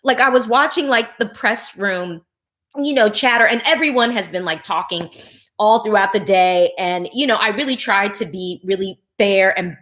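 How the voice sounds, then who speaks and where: A woman's voice: mid-range voice, moderate pace. A woman vlogger giving casual, chatty reaction commentary full of fillers, who gets emotional while talking. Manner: chatty, animated, lots of fillers, nitpicking notes; gets emotional and laughs mid-thought.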